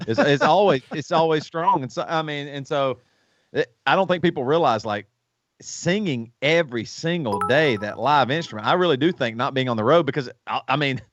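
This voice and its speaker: Brief: man, higher voice, lively storyteller, dry, slightly muffled remote feed. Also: dry recording. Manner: animated storyteller, quick stammering restarts. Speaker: musician and co-host. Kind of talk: casual livestream chat.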